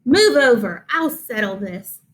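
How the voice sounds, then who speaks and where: A woman's voice: sits high, expressive, takes it slowly, a bit bright, slight background noise, exaggerated voice. A woman voicing a plodding, whiny male horse who snorts as he talks. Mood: bossy. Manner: whining and snorting.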